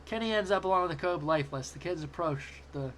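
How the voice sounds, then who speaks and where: A man's voice: a little high, a little fast, a bit bright, a little hiss or hum. A man reading fanfiction aloud, amused and stumbling over words now and then. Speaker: fanfiction reader.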